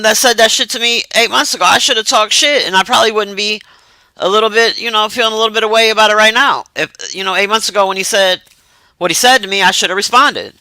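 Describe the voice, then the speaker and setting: A man with a high, piercing voice rambles to his live-stream audience, profane and animated. He puffs himself up into mock outrage and then laughs at himself. The sound is close and dry, with no room around it. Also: brisk, no room sound. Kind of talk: casual live-stream chat.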